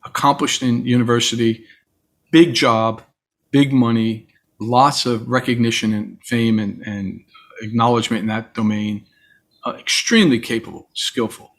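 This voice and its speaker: A man's voice: medium pitch, steady tone, moderate pace. A man guest in a reflective conversation, telling stories and acting out the voices of people he quotes. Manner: storytelling, acts out quoted voices. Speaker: interview guest.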